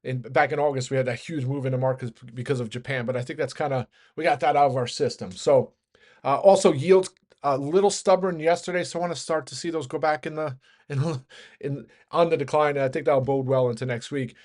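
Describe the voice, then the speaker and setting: A man giving a quick, rambling daily stock market rundown, talking fast and often correcting himself. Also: medium pitch, darkish tone. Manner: rapid, rambling, self-correcting.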